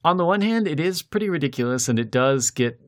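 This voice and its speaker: A man hosting a podcast in casual chat, thoughtful and measured, laughing between points. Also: a little high, expressive. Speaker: podcast host.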